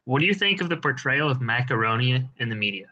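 A man's voice: medium pitch, lively intonation, fast, bright, forceful tone, highs cut off. A man hosting a live stream, chatting casually with a dry, teasing manner.

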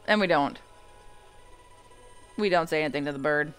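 A woman's voice: low-pitched, moderate pace, smooth. A woman hosting a let's-play, chatting casually and joking through the game. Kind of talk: casual gameplay commentary. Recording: faint game music behind.

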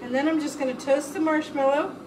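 A woman's voice: high voice, steady tone, a little fast, roomy sound, noisy background. A middle-aged woman hosting a live home cooking show, bubbly and chatty, laughing at herself as she goes. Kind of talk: live cooking stream, casual chat. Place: home kitchen.

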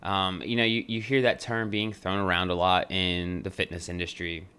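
A young adult man hosts a podcast, delivering a casual monologue in a loose, jokey style and swearing freely. His voice sits low with a level tone and moderate pace, and it sounds bright, forceful, clear, and resonant.

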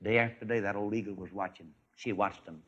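A man preaching a folksy radio sermon, animated and swinging between loud and soft. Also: on the low side, brisk. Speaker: evangelist. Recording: dull lo-fi archive radio recording.

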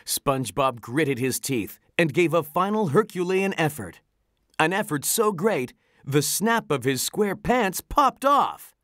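An animated storybook narrator with a lively, rising and falling delivery. The reading sounds close and dry, with no room around it. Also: medium pitch, measured pace, no room sound. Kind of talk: storybook read-aloud.

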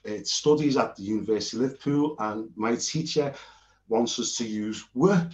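A man's voice: medium pitch, moderate pace, darkish tone. A British man giving an informal Bible lesson while showing notes on screen, earnest and rambling, often restarting his sentences. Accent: British English. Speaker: Bible teacher. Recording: roomy and dull lo-fi.

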